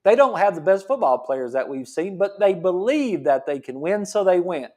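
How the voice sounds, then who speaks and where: Fired-up man, high-pitched, coaching-style health talk, repeats lines for emphasis. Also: moderate pace. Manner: excited, repeats himself, uses football coaching comparisons. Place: his gym.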